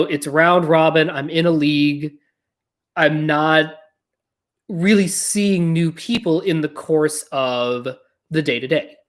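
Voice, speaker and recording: A podcast host riffing through a casual monologue, peppering every thought with "like" and fillers. The talk is loose and animated, with quick personal stories and the occasional blunt swear. The voice sits at a mid pitch, neither high nor low. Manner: chatty, filler-heavy, animated storytelling with frequent "like".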